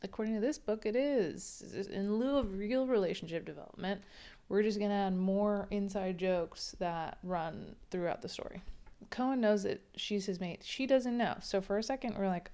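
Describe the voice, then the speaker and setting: A woman's voice: mid-range voice, normal speed, dark tone, smooth. A woman reviewing a romance novel in a chatty, sarcastic way. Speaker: book reviewer. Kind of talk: casual book review.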